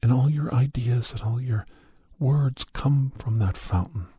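A man's voice: medium pitch, a little slow, mellow, breathy edge, no room sound, studio quality. A man giving a rambling, preachy moral monologue, often sliding into a whisper. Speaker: monologue speaker.

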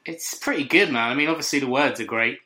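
A man's voice: mid-range voice, quick pace, pushed and bright. A man co-hosting a podcast in casual chat, teasing and chatty, often stumbling over his words. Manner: chatty, teasing, hesitant restarts. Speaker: podcast co-host.

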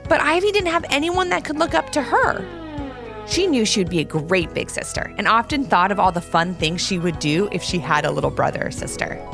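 A woman narrating a children's story in an animated, expressive read-aloud. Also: high voice. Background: soft music.

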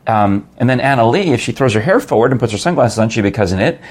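A man hosting a casual podcast chat, rambling and joking with a guest. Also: fast. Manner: chatty, rambling storyteller with lively pitch swings. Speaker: podcast host.

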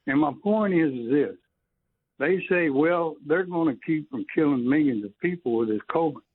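A man's voice: on the high side, lively intonation, normal speed. A male caller on a radio show, speaking in an indignant, emphatic way with rhetorical questions. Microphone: telephone. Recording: tinny phone line with faint hiss.

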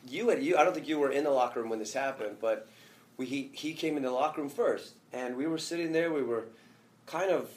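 A former soccer player telling a team story in casual chat, jumping between thoughts and laughing. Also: male voice, medium pitch, fairly quick, slight background noise.

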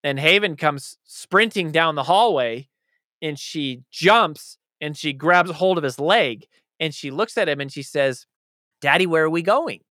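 A man's voice: a little high, measured pace, bright, forceful tone, no room sound, clean studio sound. A man speaking as an author being interviewed, talking in a passionate, emphatic way. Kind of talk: conversational interview answers.

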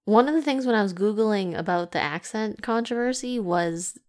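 A woman's voice: mid-range voice, moderate pace. A woman co-hosting a casual podcast, chatty and sarcastic, often breaking into laughter. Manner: sarcastic, teasing. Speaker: podcast co-host.

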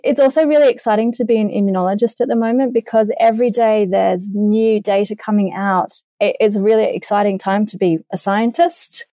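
Woman, middle-aged scientist guest; mellow, slightly high, dry sound; earnest, hesitant phrasing. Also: no echo, low-quality recording. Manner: earnest, frequent fillers and restarts, enthusiastic. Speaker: vaccine immunologist guest. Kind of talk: remote interview answers.

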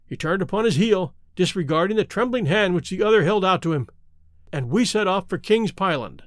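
A man narrating a classic detective story in a measured, expressive reading. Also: high-pitched, dry recording, studio quality. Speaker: audiobook reader.

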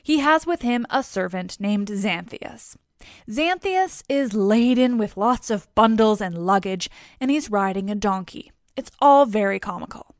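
A woman's voice: mid-range voice, lively intonation, unhurried, dry recording, clean studio sound. A woman retelling a story in a chatty, casual way with wry asides.

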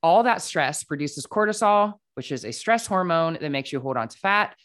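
A woman's voice: deep voice, lively intonation, normal speed, a bit bright. A woman guest on a podcast, chatting casually and telling her own story, filling her speech with "like" and acting out quoted dialogue. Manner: chatty, frequent "like" fillers, acts out quoted dialogue.

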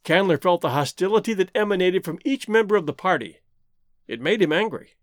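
A man narrates an old adventure novel with an expressive, theatrical delivery. His voice sits high and moves a lot. The recording is dry and close. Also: a little fast, no room sound. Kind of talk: audiobook narration.

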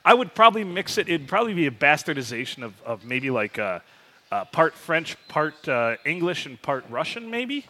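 A man's voice: on the high side, sing-song, normal speed, sharp tone. A man in his forties, a podcast co-host, telling rambling, joking stories and swearing casually. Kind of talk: casual chat.

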